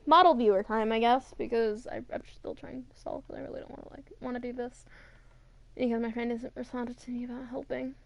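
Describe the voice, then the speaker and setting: A woman's voice: a little high, fairly even intonation, fairly quick, vocal fry, muffled recording. A young woman streaming, chatting casually and rambling as she looks through game models, with some swearing. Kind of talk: casual chat over a model viewer.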